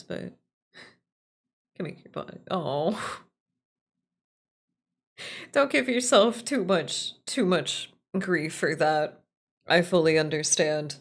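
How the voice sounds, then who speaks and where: A loose, self-mocking woman streamer who chats with her viewers between game lines. Her voice sits a little low for a woman. She curses freely in a casual way. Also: vocal fry.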